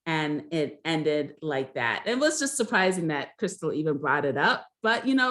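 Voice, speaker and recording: A woman's voice: deep voice, big pitch swings, normal speed, a bit bright. A young woman casually recapping a reality show episode, chatty and hesitant, with frequent ums and restarts. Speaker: recap host.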